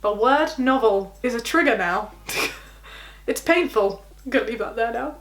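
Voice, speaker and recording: A young woman chatting casually about her PhD life, laughing often and acting out quotes in high voices. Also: moderate pace, fairly bright tone. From England. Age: young adult. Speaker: PhD student vlogger. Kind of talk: casual reaction vlog.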